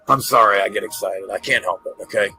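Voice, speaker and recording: A man hosting an excited commentary over pictures, gushing and repeating himself, often stammering. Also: lowish voice, fast talker, faint music behind, low-quality recording. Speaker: host.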